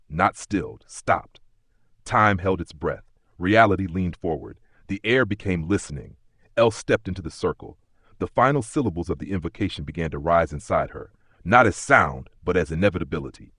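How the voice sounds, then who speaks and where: A man narrates an audiobook in a measured, solemn voice, pausing often. His tone is low and husky, recorded dry and close. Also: animated, a bit bright, no echo. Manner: measured, solemn, many pauses. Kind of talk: scripted narration.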